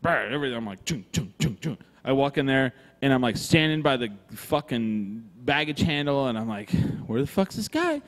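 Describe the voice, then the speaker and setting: This podcast co-host talks briskly at medium pitch with hardly any pauses, his voice trailed by long reverb in a brewery room where he's recorded live. He rambles casually through a story, swearing freely and acting out everyone else's lines with animation.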